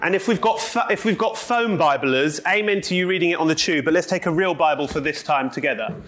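A man's voice: a little high, quick pace, a bit bright. A man teaching a group Bible study in a room without a microphone, joking and self-deprecating, speaking with a cold. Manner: jokey, self-deprecating, chatty. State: has a cold. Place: meeting room with a live audience.

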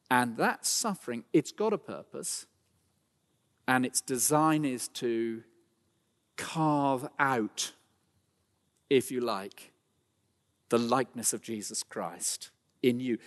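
A middle-aged male pastor delivers a sermon in an earnest, pleading tone that swells into fervent emphasis. His voice sits at an ordinary middle pitch. It carries a long reverb, as if spoken across a large church.

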